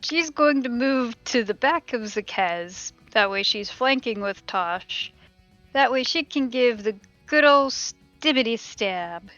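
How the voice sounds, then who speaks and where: A woman at a tabletop game talks through her character's moves in a relaxed, chatty way. Her voice sits somewhat high and her pace is unhurried. The mic sounds slightly dull and lo-fi. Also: dry recording, faint music behind. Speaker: player. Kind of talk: casual tabletop game play.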